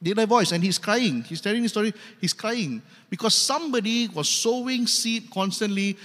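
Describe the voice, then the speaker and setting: Male pastor, Malaysian English accent, emphatic sermon, high voice, long hall reverb. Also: animated, moderate pace, fairly bright tone. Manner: emphatic, repetitive, humorous.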